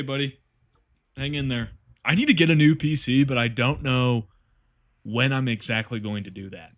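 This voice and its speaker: A man's voice: mid-range voice, normal speed, long pauses, a bit bright. A man chatting casually to his viewers on a live stream while playing a game, rambling, laughing and swearing freely.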